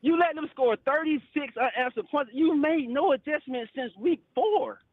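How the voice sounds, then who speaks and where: High-voiced man ranting on a call-in line. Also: moderate pace, no room sound, phone-quality sound. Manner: frustrated, profane, repeats "bro" and "literally". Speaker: caller. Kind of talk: heated call-in rant.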